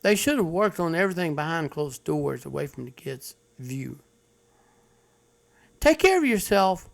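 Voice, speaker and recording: Blunt, preachy man with a gravelly voice. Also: on the high side, very animated, unhurried. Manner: blunt, preachy, emphatic lecturing. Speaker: channel host. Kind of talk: commentary on read-aloud online stories.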